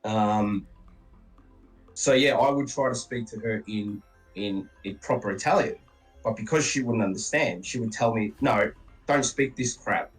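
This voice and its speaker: Man telling lively family stories. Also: lowish voice, moderate pace, recorded from a distance, soft background music, rough recording. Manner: animated storyteller, mimics relatives' voices. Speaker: guest player. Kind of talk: casual chat on a game stream.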